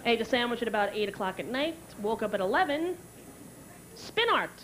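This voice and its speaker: A woman's voice: on the high side, very animated, brisk. Brash stand-up woman with a crowd. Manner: brash storytelling with many character voices. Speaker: stand-up comedian. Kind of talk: stand-up comedy routine. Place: comedy stage with live audience. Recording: live crowd and noise.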